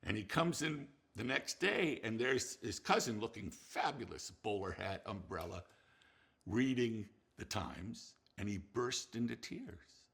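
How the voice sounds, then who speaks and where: An older man, a film director, telling anecdotes in an animated, laughing way with many restarts. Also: on the low side, measured pace, gravelly, husky. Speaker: film director recalling a colleague. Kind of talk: anecdotal storytelling.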